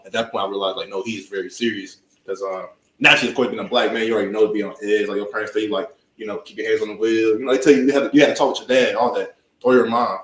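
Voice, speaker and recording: A young man, a college student on a discussion panel, talking casually and quickly with many fillers. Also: lowish voice, steady tone, a bit bright, reverberant, a little hiss or hum, rough recording. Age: young adult. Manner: fast, loose talk full of fillers.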